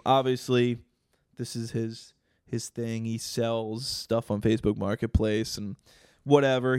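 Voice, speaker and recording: A man co-hosting a podcast, telling stories in casual chat, swearing often and getting animated. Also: mid-range voice, smooth, no room sound, clean studio sound. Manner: profane, animated storytelling. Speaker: podcast co-host.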